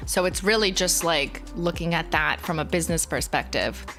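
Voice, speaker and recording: A woman's voice: lowish voice, normal speed, a bit bright, faint music behind. A Canadian woman in her thirties hosting a casual livestream, chatting and answering viewers in a laid-back, filler-heavy way with a slight Canadian accent. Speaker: livestream host.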